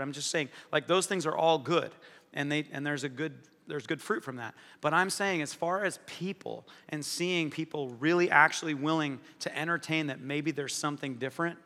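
A man preaching in a big hall, his voice carrying a long reverb. The tone is bright and forward. He tells stories quickly and animatedly, poking fun at himself as he preaches. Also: medium pitch. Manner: animated storytelling, fast-talking, self-deprecating humor. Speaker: pastor. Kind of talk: sermon.

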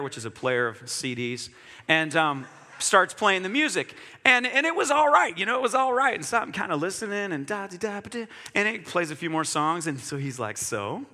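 Animated bright-voiced male pastor in a hall. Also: a little high. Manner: animated storytelling with acted-out dialogue. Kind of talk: sermon. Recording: long hall reverb.

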